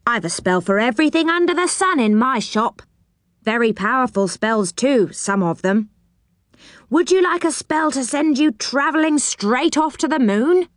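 A woman's voice: high voice, expressive, no room sound, studio quality, pitched above the performer's own voice. A woman playing a boastful goblin shopkeeper. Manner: haughty salesman, quick to rage. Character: grumpy boastful male goblin shopkeeper, blue-eared. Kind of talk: storybook reading.

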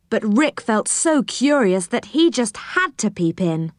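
Woman narrator for a children's storybook: slow, gentle, expressive, with a slightly high voice. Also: no room sound, studio quality.

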